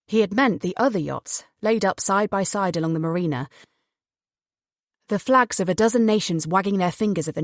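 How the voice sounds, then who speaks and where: Woman narrator for a thriller audiobook, lively pitch, dry close mic. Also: no room sound.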